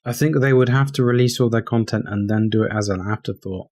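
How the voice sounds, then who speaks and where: Man, husky voice, dry blunt manner, casual podcast chat. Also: fairly low pitch, quick pace, a little mellow. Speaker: podcast co-host.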